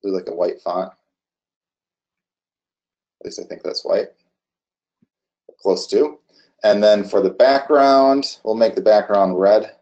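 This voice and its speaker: A man casually walking through a software demo on screen, halting often with restarts and fillers. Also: on the low side, lo-fi sound. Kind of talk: casual screen-share walkthrough.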